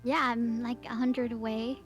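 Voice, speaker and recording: A woman's voice: on the high side, flat delivery, measured pace, soft background music. A woman guest on a stream, chatting casually in short, easygoing replies. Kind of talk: casual chat on a livestream.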